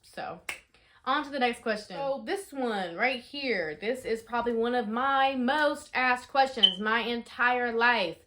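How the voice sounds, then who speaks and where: A young woman in her twenties, telling a story casually in a vlog, chatty and full of fillers, shouting out the dramatic parts. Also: a little high, measured pace. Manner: chatty, animated, lots of fillers, rises to shouting in re-enactments. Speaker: vlogger.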